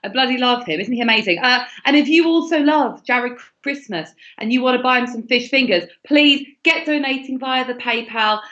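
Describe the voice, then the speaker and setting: Woman, comedy host, lively pitch, dull lo-fi audio. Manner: bubbly and sweary, chatty. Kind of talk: online comedy show hosting.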